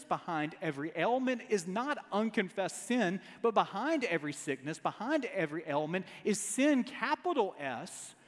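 A man delivers a sermon with a high, expressive voice that swings up and down. He preaches with an emphatic, repeating rhythm, and a long hall reverb trails behind each phrase. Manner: emphatic, repetitive preaching cadence. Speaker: pastor.

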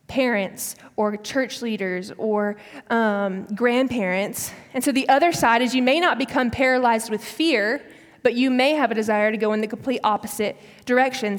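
A woman in her early twenties giving a sermon, telling a personal story in a chatty way with casual fillers. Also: a little high. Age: early 20s. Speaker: speaker. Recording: long hall reverb.

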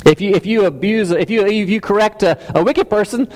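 A man delivers a sermon in a loose, conversational way, often restarting his sentences and poking fun at himself. His voice sits a little on the high side, and a long reverb trails behind it in a church hall. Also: a little fast, darkish tone. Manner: conversational, self-deprecating, many restarts and stammers. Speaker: pastor.

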